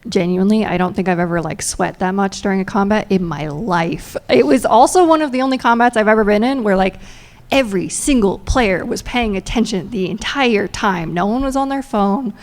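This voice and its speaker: A woman's voice: medium pitch, fairly quick. A woman player on a convention panel talking in a casual, enthusiastic way with many fillers.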